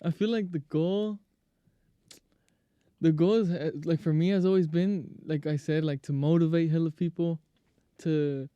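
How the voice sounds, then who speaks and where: A man's voice: a little high, fairly even intonation, unhurried, mellow, clean tone, dry recording, highs cut off. A young man talking casually as a guest musician on a podcast, laid-back and humble with many fillers.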